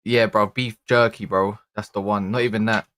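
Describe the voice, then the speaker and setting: A man's voice: lowish voice, fairly even intonation, moderate pace, fairly bright tone, no echo. A man hosting a live-streamed football fan reaction, talking in exasperated, slangy bursts that rise to frantic outbursts. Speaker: football channel host. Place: indoor room.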